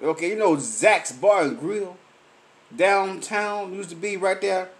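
A man's voice: high-pitched, measured pace. A man from Memphis, drinking while telling a profane story in a casual monologue, acting out the voices of the people in it. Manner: profane, animated storytelling with acted-out dialogue. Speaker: vlogger.

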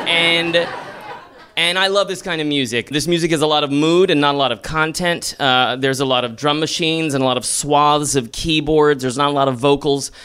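A man from Texas spins a funny, self-deprecating story before a live audience. His voice sits a little high and sounds bright and forceful, and he keeps his ums and likes in. The delivery is loose and comic. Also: clean tone.

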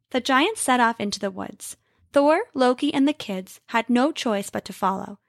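Lady reading a kids story out loud, lively, highish voice, super dry sound. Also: normal speed, no echo. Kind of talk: storybook read-aloud.

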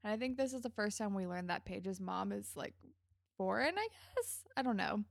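A woman's voice: mid-range voice, expressive, normal speed, gravelly, dry recording, studio quality. A woman co-hosting a casual TV recap podcast, chatty and giggly, acting out characters' lines as she retells scenes. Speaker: podcast co-host.

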